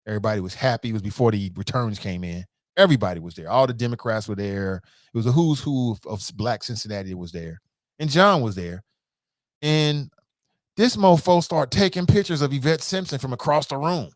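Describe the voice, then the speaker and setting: An animated man hosts a talk show and tells a rambling story with a lot of jokes. His pitch swings widely while he acts out what people said. The sound is dry and close, with no room echo. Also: moderate pace, pauses often. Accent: American. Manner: animated, jokey, acts out quotes with voices. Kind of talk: casual storytelling monologue.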